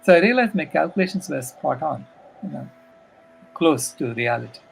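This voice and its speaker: Earnest older man with a gravelly voice. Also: a little high, lively intonation, normal speed, faint music behind, rough recording. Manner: earnest, many "you know" fillers. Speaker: guest. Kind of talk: casual storytelling talk.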